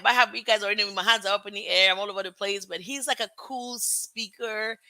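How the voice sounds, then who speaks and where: A woman hosting a live show, opening with gushing, excited welcomes to her viewers. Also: mid-range voice, a little fast, no echo. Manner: bubbly, gushing and effusive. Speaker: host. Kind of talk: excited livestream show intro.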